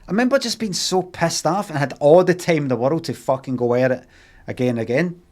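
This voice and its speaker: A man's voice: fairly high pitch, a little fast, a little mellow. A Scottish man on a live stream telling a rambling, heavily sweary anecdote in a casual way.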